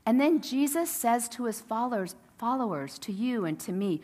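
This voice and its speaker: A woman's voice: on the high side, lively intonation, normal speed, few pauses, a little mellow. Woman preaching in a reverberant sanctuary. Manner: conversational storytelling, acting out quotes. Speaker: pastor. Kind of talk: sermon. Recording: long reverb of a church sanctuary.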